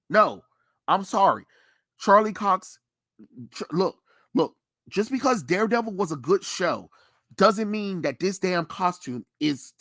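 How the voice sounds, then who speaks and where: A man hosting a casual pop culture chat, ranting with animated energy and plenty of swearing. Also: high-pitched, no echo, clean studio sound. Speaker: podcast host.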